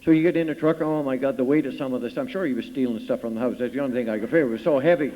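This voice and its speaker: A man with a Cape Breton accent, emceeing a pageant and telling folksy jokes on a theater stage. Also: mid-range voice. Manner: folksy, rapid storytelling. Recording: dull recording in a reverberant theater.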